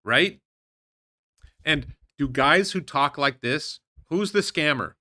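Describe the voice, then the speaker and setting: A man hosting a stock market commentary show, reacting indignantly to posts in a rambling, animated way with frequent restarts. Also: a little high, slow pace, no room sound. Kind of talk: casual commentary reading posts aloud.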